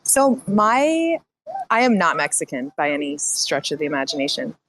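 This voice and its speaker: A woman's voice: sits low, big pitch swings, normal speed, a bit bright. A woman in a casual group chat, giggly and teasing. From Russian family background.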